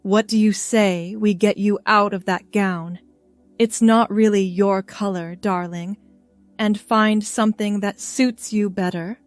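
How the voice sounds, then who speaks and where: A woman doing a gentle, tender mother. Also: medium pitch, fairly even intonation, measured pace, dry recording, faint music behind, close to an everyday voice. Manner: soft, tender and soothing. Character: gentle loving middle-aged mother.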